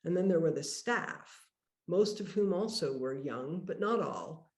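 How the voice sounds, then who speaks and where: A woman priest giving a workshop talk, telling a personal story in a reflective, measured way. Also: lowish voice, lively intonation, a little mellow, echoey room. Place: conference workshop room.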